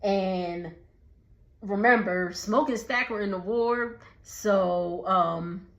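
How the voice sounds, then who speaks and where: A woman's voice: medium pitch, takes it slowly, low-quality recording. A woman, chatty and casual, recapping a film with many fillers and acted-out lines. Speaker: vlogger.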